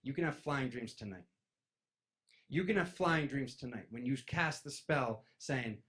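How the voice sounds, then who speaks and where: A man talks casually to a group in a mid-range voice, telling personal stories with lively swings in tone. He slips into little acted voices for the people in his tales and keeps calling his listeners "you guys.". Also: mid-range voice, unhurried. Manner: animated, acts out voices in stories, addresses crowd as "you guys". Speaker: spiritual speaker. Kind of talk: casual storytelling talk to an audience.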